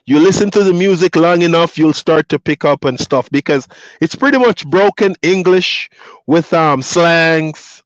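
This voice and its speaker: A man's voice: a little high, unhurried, no echo. A man from Jamaica with a Jamaican accent, whose first language is Patois, casually reading viewer comments aloud and chatting back on a livestream. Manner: reads viewer comments aloud and chats back, easygoing, laughs often. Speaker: truck driver streamer. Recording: dull lo-fi dry sound.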